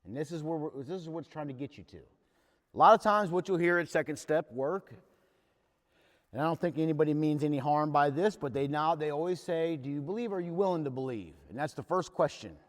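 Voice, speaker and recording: A fairly high-voiced man leads a recovery workshop. He talks candidly and plainly, like he's sharing his own story with the group. His voice rings out with a long reverb in a big meeting hall. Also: fairly quick. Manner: earnest, plain-spoken storytelling.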